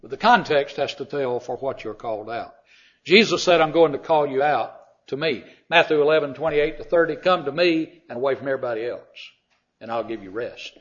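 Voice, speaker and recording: A man preaching a sermon, emphatic, swinging from loud declarations to quiet asides. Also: a little high, fairly quick. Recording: dull lo-fi sound.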